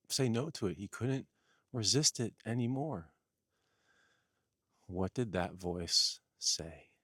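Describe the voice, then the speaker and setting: Man preaching his own take, slow and low, dry close mic, keeps repeating for emphasis. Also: a bit bright, no echo. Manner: earnest, repetitive, emphatic listing. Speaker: spiritual teacher. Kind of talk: spiritual teaching monologue.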